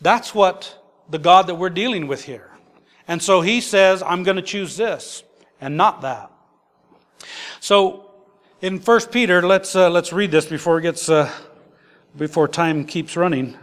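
Male preacher, slow measured sermon, emphatic, long hall echo. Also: high voice. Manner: emphatic, conversational. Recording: long echoey hall reverb.

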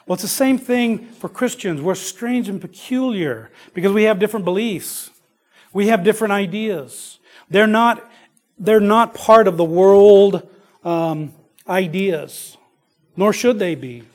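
A man preaching a sermon, shifting between loud exclamations and quiet asides, telling stories in a conversational way. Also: high voice, unhurried. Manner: conversational storytelling with fillers.

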